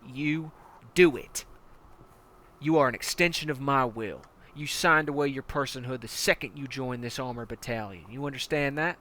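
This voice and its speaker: Brutal male tank commander, played by a man: contemptuous, barking, profane, with a sharp, forceful edge. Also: medium pitch, brisk, few pauses, a little hiss or hum, lightly acted. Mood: menacing.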